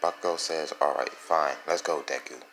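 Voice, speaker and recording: A man's voice: very deep voice, steady tone, a bit bright, soft background music, low-quality recording. A man casually narrating a fan-made story for his channel, rambling and stopping to correct himself. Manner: rambling, self-correcting, halting. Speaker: YouTube storyteller.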